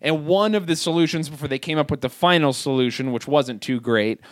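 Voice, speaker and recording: A man's voice: on the high side, a little fast, no echo, studio quality. A man in casual chat, telling a story in a rambling, crude way with lots of fillers.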